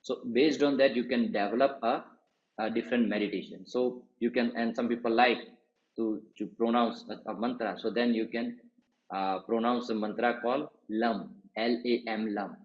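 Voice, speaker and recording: Male meditation teacher, patient and repetitive delivery, mid pitch, dull roomy recording. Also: steady tone. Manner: slow, patient explaining with repetitions. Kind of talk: spoken lesson on chanting.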